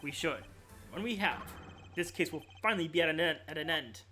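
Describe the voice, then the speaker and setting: A composed male prosecutor from a video game, as a streamer reads him out lays out evidence in a formal, measured voice. His questions are pointed and precise. Faint game music plays underneath. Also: mid-range voice, expressive, sharp tone. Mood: stern, probing. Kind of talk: reading a video game's dialogue aloud on stream.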